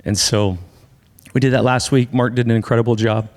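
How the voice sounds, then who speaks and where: A man's voice: medium pitch, a little fast, big-room sound. A man preaching a conversational sermon as pastor, then introducing a guest speaker. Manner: conversational, animated in asides. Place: church sanctuary.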